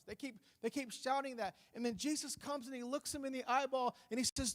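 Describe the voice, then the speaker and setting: High-voiced preaching man. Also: fairly even intonation, a little fast, hardly any pauses. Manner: passionate preaching that rises loud on repeated phrases. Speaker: pastor. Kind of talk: sermon. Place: church.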